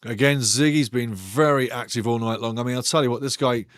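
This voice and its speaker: With a medium pitch and fairly even intonation, this man speaks briskly in a dry, clean studio recording. He hosts a live football watch-along, offering casual commentary on the play and chatting loosely and playfully with viewers.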